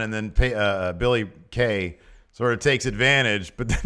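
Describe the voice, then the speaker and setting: A man's voice: mid-range voice, moderate pace, fairly bright tone. A man co-hosting a podcast, casually chatting through a wrestling recap, laughing often and drifting into banter. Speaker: podcast co-host.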